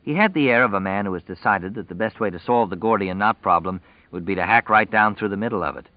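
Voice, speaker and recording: A man narrating a novel in a steady, measured read. His voice sits low, with a muffled top end and a dead-dry, close sound. No room at all around him. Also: dry recording. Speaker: audiobook narrator. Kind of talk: scripted narration.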